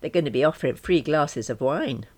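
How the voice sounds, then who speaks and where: A woman voicing a pushy, excitable female friend who talks in bossy, high exclamations in a storybook reading. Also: a little fast. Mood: eager.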